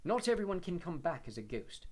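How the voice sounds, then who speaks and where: A man's voice: a little high, very animated, a little fast, pitched above the performer's own voice. A man reading as a mournful old ghost. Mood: quiet. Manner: quiet, formal, old-fashioned phrasing. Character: melancholy old male ghost, mournful and gentle. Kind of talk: audiobook character voice.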